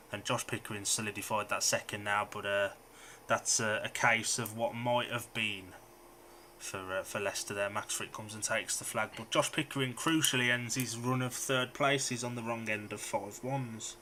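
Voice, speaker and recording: A man hosting a speedway watch-along, giving quick, chatty play-by-play commentary full of fillers on a home podcast mic. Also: medium pitch, pushed and bright, slight background noise. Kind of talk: live race commentary.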